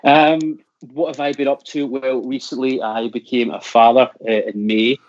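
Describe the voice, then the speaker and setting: A Glaswegian man in his forties, a guest on a casual podcast. He jokes in a dry way and laughs easily. His pitch is middle, and the sound is close and dry. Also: flat delivery, normal speed, no room sound, lo-fi sound. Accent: Glaswegian Scottish. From Glasgow, Scotland. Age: 40s. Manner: dry, joking banter, laughs often. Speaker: guest, professional golf caddy.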